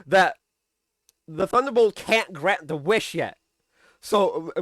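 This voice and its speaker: Chatty man with a higher voice, dry sound. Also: expressive, measured pace, pauses often, fairly bright tone, no room sound. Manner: chatty, keeps asking "right?", swears casually, laughs often. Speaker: TV episode reviewer. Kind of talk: casual recap and commentary.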